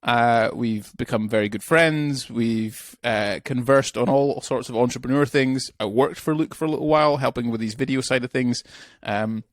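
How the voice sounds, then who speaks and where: A man's voice: mid-range voice, normal speed, few pauses, dry recording, studio quality. A man hosting a casual podcast, introducing his guest with rambling, jokey banter. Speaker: podcast host.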